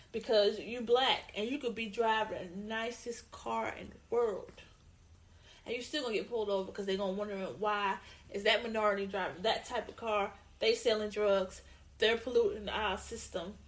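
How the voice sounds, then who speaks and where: A woman co-hosting a casual opinion talk, emphatic and repeating her points, with lively put-on greetings. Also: fairly high pitch. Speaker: co-host.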